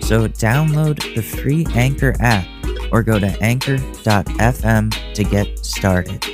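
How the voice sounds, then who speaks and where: A man giving a brisk, promotional sponsor read for a podcast. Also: fairly low pitch. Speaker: podcast host reading a sponsor ad. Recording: voice over clear guitar music.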